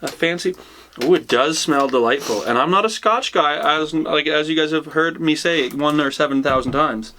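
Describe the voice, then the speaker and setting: Male host, jokey tasting-show banter, slightly high voice, light background hiss. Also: sharp tone. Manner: joking, reads tasting notes slowly. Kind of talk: casual whiskey tasting chat.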